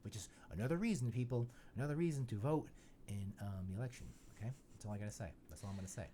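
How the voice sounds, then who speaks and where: A podcast host with a fairly low, warm voice talks fast in casual chat, rambling and joking with lots of "you know" fillers. Slight background noise is audible.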